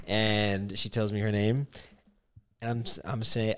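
A young man hosting a podcast, telling a story in casual chat, animated and laughing as he goes. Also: fairly low pitch. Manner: quick and animated, laughs through his lines. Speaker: podcast host.

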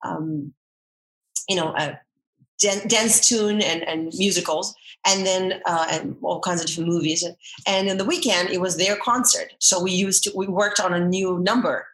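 A middle-aged woman, a former dancer and army veteran, chatting as an interview guest with many restarts and animated storytelling. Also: fairly low pitch, normal speed, echoey room, low-quality recording. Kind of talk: casual interview chat.

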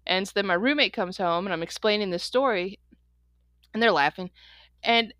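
A young adult woman co-hosting a podcast, telling stories in a quick, animated way and laughing often. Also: mid-range voice, no room sound, clean studio sound. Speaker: podcast co-host. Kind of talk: casual chat.

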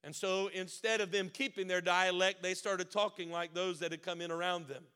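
Man pastor, Baltimore accent, high bright voice, emphatic sermon delivery. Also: steady tone, normal speed, clean tone. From Maryland. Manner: rises to loud emphatic preaching.

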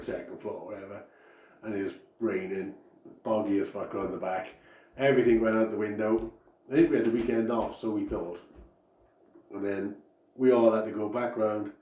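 A man with a fairly low voice trades army memories on a laid-back podcast. He laughs easily as he talks. The room gives his voice a noticeable echo. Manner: laughs often, relaxed storyteller. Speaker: podcast co-host. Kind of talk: casual chat. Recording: roomy echo.

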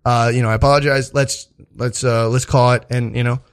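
A man's voice: medium pitch, little pitch movement, brisk, clean tone. A young man, a stand-up comic, telling a rambling, profanity-laden story in casual podcast chat, full of fillers and restarts. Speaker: stand-up comedian and podcast host.

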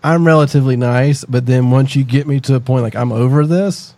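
A man's voice: mid-range voice, brisk, warm tone, dry recording. A man co-hosting a podcast interview, blunt and joking. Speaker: podcast co-host. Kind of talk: casual interview chat.

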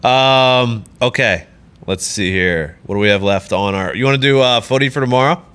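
A man's voice: medium pitch, fairly bright tone, clear, resonant tone. A man hosting a sports betting podcast, joking and swearing as he runs through the picks. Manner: joking, profane, runs through bets briskly. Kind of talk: casual chat.

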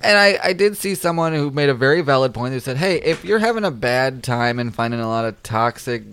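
A man's voice: mid-range voice, expressive, a little fast, fairly bright tone, slight background noise. A man co-hosting a podcast in a small home studio, chatting casually about movies with profane, sarcastic rants. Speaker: podcast co-host.

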